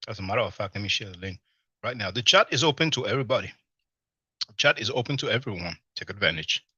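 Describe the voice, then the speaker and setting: A man's voice: mid-range voice, sharp tone, no echo. A man hosting a live stream, chatting loosely with viewers and eating as he talks, with lots of "you know". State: talking while eating. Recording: slightly dull lo-fi stream audio.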